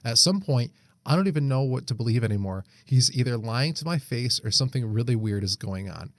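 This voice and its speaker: Swearing podcast co-host. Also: male voice, medium pitch, animated, a little fast, no echo. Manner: swears freely, laughs often, acts out quoted lines. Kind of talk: casual chat, reading a Reddit post aloud.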